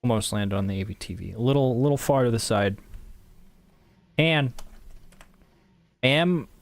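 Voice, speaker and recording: A man's voice: mid-range voice, animated, moderate pace, no room sound. A man giving casual, rambling let's-play commentary with wry, self-mocking jokes. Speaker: gaming YouTuber.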